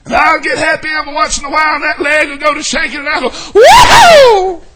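A man with a Southern US accent preaching a sermon as a pastor, exuberant and shouting, breaking into high whoops and laughter. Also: little pitch movement, rapid-fire, noisy background. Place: church sanctuary.

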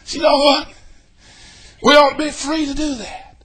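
High, bright, husky-voiced Southern preacher shouting. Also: male voice, level tone, unhurried, slight background noise. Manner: exuberant, shouting with high whoops and laughter. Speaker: pastor. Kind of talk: sermon. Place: church sanctuary.

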